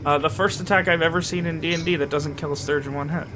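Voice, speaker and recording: A man acting as game master, narrating the action with lots of ums and quick self-corrections. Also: on the high side, fairly even intonation, noisy background. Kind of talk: running a tabletop game.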